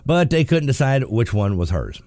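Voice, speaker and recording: A man hosting a morning talk radio show, sarcastic and quick to laugh as he comments on the news. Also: mid-range voice, very animated, a little mellow, no room sound. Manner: joking and sarcastic, laughs often. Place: radio studio.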